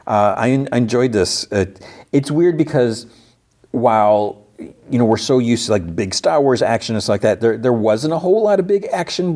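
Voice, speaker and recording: Deep-voiced man rambling through a recap. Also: darkish tone. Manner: rambling, many fillers and restarts. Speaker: podcast host. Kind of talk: casual episode recap.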